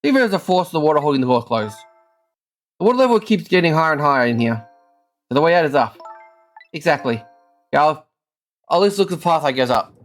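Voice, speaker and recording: A woman's voice: deep voice, lively intonation, fast, pauses often, soft background music. A woman streamer casually playing through a game, reading its lines aloud and muttering asides.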